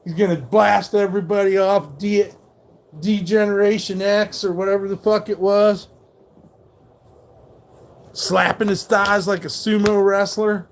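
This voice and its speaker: A man hosts a live stream and rambles through a profane, mocking rant while answering his chat. His voice sits a little high for a man. He talks at an unhurried, drawn-out pace. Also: fairly even intonation, slight background noise. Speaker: livestream host.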